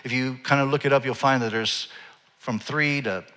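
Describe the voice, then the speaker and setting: A man in his forties preaching a sermon, telling a personal story in a conversational way that swings from quiet asides to loud, animated bursts. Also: medium pitch, moderate pace, big-room sound. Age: 40s. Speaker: pastor.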